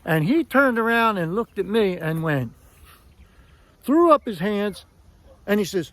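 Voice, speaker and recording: Older guy venting hard, kinda high voice, swears a lot, acts out who said what. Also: very animated, a little slow, pauses often, fairly bright tone, dry recording. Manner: blunt, profane, retells with quoted dialogue. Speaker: vlogger. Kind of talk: angry rant to camera.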